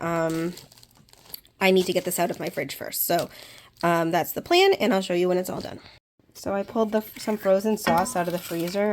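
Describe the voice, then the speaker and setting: Congested by a cold, this medium-pitched woman talks casually through a home-cooking kitchen vlog, keeping things practical and chatty and saying "um" often. There's a little background noise.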